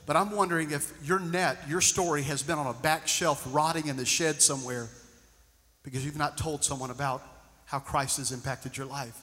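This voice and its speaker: A male pastor preaching a sermon, moving between loud emphatic lines and hushed storytelling. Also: fairly high pitch, steady tone, normal speed. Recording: long reverb of a large hall.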